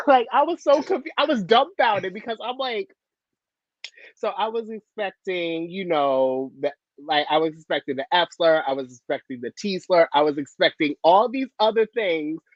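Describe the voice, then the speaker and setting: A woman on a video call telling a story in a sassy, animated way, laughing often. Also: fairly low pitch, moderate pace, no room sound, lo-fi sound. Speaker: panelist. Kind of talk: casual storytelling.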